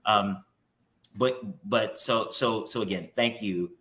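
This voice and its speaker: A man's voice: lowish voice, slow, pushed and bright, a little hiss or hum. A man hosting a morning show interview who talks candidly and openly emotionally, with some casual swearing.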